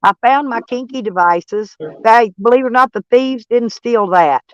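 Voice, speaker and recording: A woman's voice: fairly high pitch, moderate pace, dry recording. Crude, laughing woman livestream host; muffled dry sound. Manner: blunt, crude, laughs often. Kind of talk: casual livestream chat. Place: in a van.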